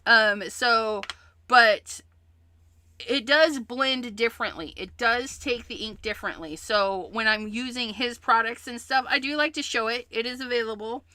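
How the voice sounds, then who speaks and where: A woman's voice: fairly high pitch, unhurried, bright, forceful tone, dry recording. A woman hosting a craft livestream, chatting casually as she explains each step she works on.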